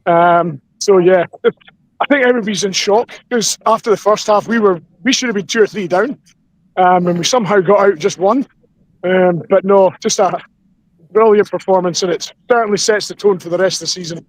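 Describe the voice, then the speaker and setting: A hoarse man reporting live as a football fan after a match, excitable, with quick restarts. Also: high-pitched, no echo, poor audio. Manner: excitable, rushing with repeated restarts.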